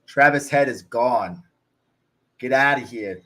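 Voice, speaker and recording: A man's voice: medium pitch, slow, pushed and bright. Chatty man hosting a cricket watch-along. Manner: chatty, rambling, with fillers. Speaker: cricket channel host. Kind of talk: casual watch-along chat.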